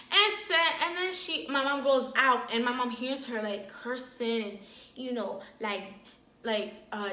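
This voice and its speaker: A woman telling a personal story in a casual, animated vlog, full of fillers and dramatic retelling. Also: fairly high pitch, moderate pace, echoey room. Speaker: storyteller, vlogger.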